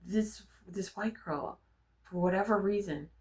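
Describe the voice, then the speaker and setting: A young adult woman vlogging, telling personal stories in a frank, animated way and swearing freely. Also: mid-range voice, a little slow. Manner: frank, profane, animated storyteller. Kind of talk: candid personal storytelling.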